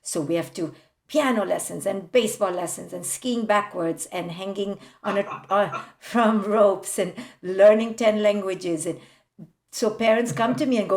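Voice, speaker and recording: A woman psychologist, the guest in a podcast interview, telling animated stories about parents and laughing often. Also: medium pitch, unhurried. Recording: roomy echoey room.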